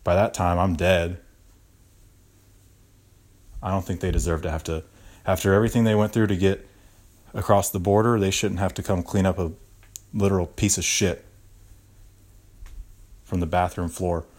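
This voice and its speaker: A man's voice: low voice, fairly even intonation, moderate pace, pauses often, darkish tone. A young man hosting a podcast, ranting with exaggerated mock outrage and constant swearing. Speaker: podcast host. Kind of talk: comedic podcast rant.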